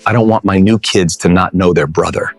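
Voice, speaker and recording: Apologetic middle-aged man, quick. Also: deep voice, slightly rough, no echo, faint music behind. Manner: apologetic, pleading. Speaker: talk show guest, father. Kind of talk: confrontational talk show exchange.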